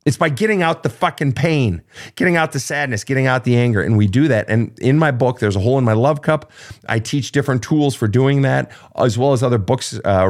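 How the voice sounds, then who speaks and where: A man hosting a live advice talk show, answering listener questions in a blunt, profane and emphatic way. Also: medium pitch. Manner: animated, acting out emotional outbursts. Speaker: podcast host.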